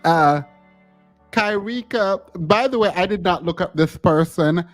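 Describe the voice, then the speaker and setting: A man's voice: high voice, measured pace, faint music behind. A male podcast host chatting casually and reading a news story aloud. He giggles often and stammers through restarts.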